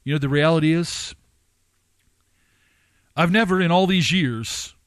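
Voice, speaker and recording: A man preaching and commenting, firing off rhetorical questions with his pitch swinging up and down. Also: measured pace, no echo.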